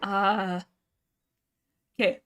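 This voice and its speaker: A young woman hosts a casual livestream and chats about books. She rambles and gets excitable, and she piles on filler words as she goes. Her voice sits at an average pitch. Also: extremely slow, clear, resonant tone. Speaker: livestream host. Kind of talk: casual livestream book discussion.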